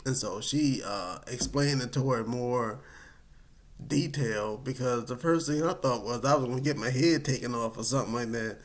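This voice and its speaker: A man casually telling a personal story, animated and dramatic, with many fillers. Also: mid-range voice, moderate pace.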